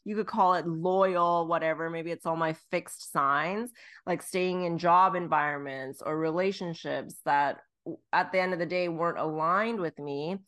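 Woman podcast co-host, lower register, candid and self-mocking, casual swearing. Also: fairly even intonation, moderate pace, fairly bright tone. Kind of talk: casual chat.

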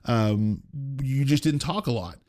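A man's voice: mid-range voice, animated, a little slow, a little mellow. A man in his forties, a senior pastor, telling personal stories earnestly in a casual conversation and acting out what people said. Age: 40s. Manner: earnest storytelling, acts out quoted voices.

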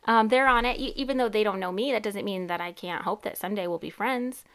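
Chatty thirties woman hosting a podcast, rambles and laughs, average-pitched voice. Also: quick pace. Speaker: podcast host and therapist. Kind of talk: casual podcast chat.

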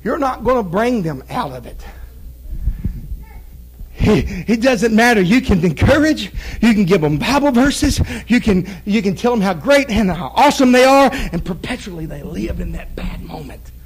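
Male preacher, high-pitched, fervent and repetitive, pushing into shouted exhortation. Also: expressive, moderate pace, a little hiss or hum, rough recording. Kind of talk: fervent sermon. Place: church sanctuary.

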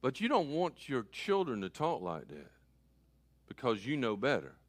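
A man preaching a sermon as pastor, switching between loud calls and quiet asides. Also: mid-range voice, wildly swooping pitch, normal speed, no echo.

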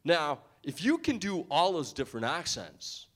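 A man's voice: on the high side, wildly swooping pitch, measured pace, fairly bright tone, exaggerated voice. A man voicing a laid-back young American guy who drawls and keeps repeating "bro" and "dude". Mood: puzzled.

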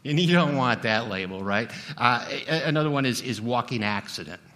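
A middle-aged pastor delivers a sermon in a conversational style, tossing humorous asides to the congregation. His medium-pitched voice is bright and forceful, with lively intonation and a moderate pace, and there's slight background noise.

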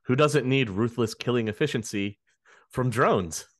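A man's voice: medium pitch, unhurried, no echo, studio quality. A man hosting a podcast, explaining game lore with playful, teasing sarcasm. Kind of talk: casual podcast chat.

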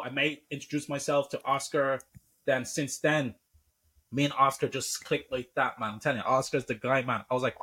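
A young man with a Dublin Irish accent talks easily as a podcast guest, dropping "obviously" and "man" into nearly every sentence. His voice has a slightly husky grain, and his pitch sits in the middle for a man. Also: pushed and bright. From Ireland. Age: young adult. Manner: says "man" and "obviously" constantly, bantering. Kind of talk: casual podcast chat.

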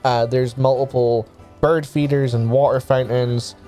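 Mellow-voiced man running a tabletop game. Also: medium pitch, steady tone, unhurried, soft background music. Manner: rambling, hesitant descriptions with many fillers. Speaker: game master.

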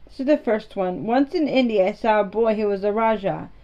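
A woman's voice: mid-range voice, a little fast, warm tone, lo-fi sound, close to an everyday voice. A woman voicing a frank, contrary young girl who speaks plainly and earnestly, in a storybook reading.

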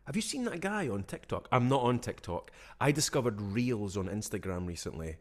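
A man in his forties co-hosting a podcast in casual chat, laughing often, recorded in a room with high ceilings. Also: sing-song, normal speed. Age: 40s. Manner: laughs often, chatty and self-mocking. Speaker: podcast co-host. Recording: echoey room.

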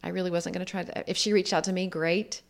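A woman telling her life story as a guest speaks earnestly and reflectively in conversation, acting out what others said with quoted dialogue. Her fairly low voice has a steady tone, a quick pace, and vocal fry.

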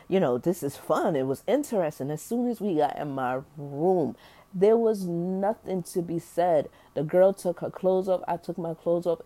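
A woman's voice: low-pitched, mellow. A young adult woman telling a personal story in a candid, slangy, rambling way, full of fillers and explicit language. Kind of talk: casual storytelling.

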